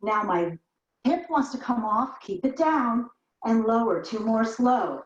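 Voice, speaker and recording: Her voice is fairly high, expressive and unhurried as she instructs a barre workout. Doing the exercises herself, the woman counts reps and guides people through the movements, a bit short of breath, with audio that is roomy, dull and low-fidelity.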